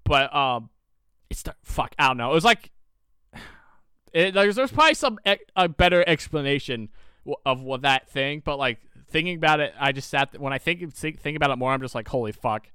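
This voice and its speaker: A young man tells a story on his podcast in a loose, profane, animated ramble. His voice comes through smooth and resonant on a dry, close microphone. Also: fairly high pitch, a little fast, no echo. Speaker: podcast co-host. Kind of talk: casual chat, storytelling.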